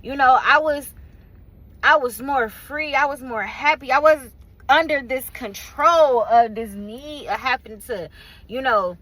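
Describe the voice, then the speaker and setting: A woman's voice: sits high, a little slow, fairly bright tone, low-quality recording. A woman venting in a casual, rambling rant from her car, weary and frustrated, swearing freely and leaning on fillers. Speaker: vlogger and small business owner.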